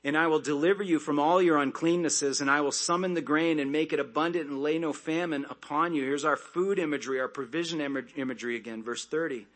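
A man preaching a sermon, reading scripture aloud and breaking off into conversational asides and quick jokes. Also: a little high, a bit bright. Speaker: pastor.

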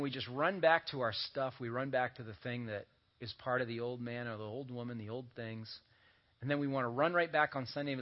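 A man's voice: mid-range voice, fairly even intonation, a little fast. A man preaching a sermon as a pastor, talking conversationally and slipping in joking asides. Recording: dull lo-fi audio recording.

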